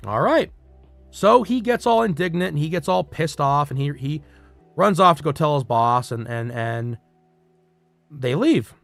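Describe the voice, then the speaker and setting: A male streamer telling a story casually, animated and profane, swinging between loud bursts and muttered asides. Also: fairly high pitch, measured pace, gravelly, dry recording, soft background music.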